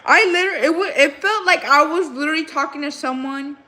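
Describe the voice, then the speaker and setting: Young woman w a high voice rambling casually on her livestream, lots of "like" and "bro". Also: quick pace, bright, forceful tone. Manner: chatty, rambling storyteller full of "like" and "bro". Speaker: livestream host.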